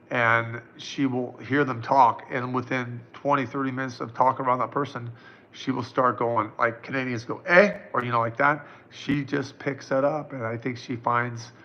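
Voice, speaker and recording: Man, 50s, psychic, live-stream Q&A, casual, reassuring, lots of fillers, gravelly voice, dull lo-fi audio. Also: medium pitch, pushed and bright. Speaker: psychic answering viewer questions.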